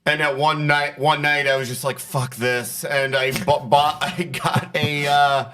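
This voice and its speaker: A male comedian telling an anecdote on a podcast, animated and casual, laughing between lines. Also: fairly high pitch, measured pace, smooth. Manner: animated storyteller, laughs mid-sentence. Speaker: comedian guest. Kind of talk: casual storytelling chat.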